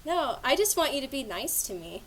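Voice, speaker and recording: A woman's voice: high-pitched, sing-song, fairly quick, a bit bright. A woman hosting a podcast, chatting casually with playful, whiny protests. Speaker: podcast host.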